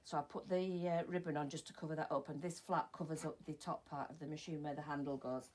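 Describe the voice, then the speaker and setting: A middle-aged English woman with a slightly low voice chats through a live sewing session from her home sewing room. She sounds tired and keeps greeting viewers by name. She trips over her words now and then as she talks. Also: steady tone, quick pace, darkish tone, rough recording. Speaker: sewing channel host. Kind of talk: live-streamed sewing chat. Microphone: phone or camera mic.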